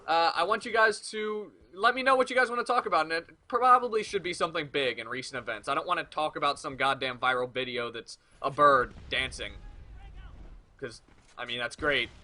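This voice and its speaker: Bright-voiced teen guy rambling. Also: a little high, brisk. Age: late teens. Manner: rambling, profane, jokey. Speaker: gaming video commentator. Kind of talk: casual rambling commentary.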